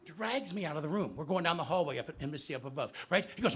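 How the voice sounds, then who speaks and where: In a bookstore, a man gives an animated, theatrical live storytelling performance, drawing the audience into call and response to engage them. His voice is a little high and slightly rough, and he talks fast with hardly any pauses.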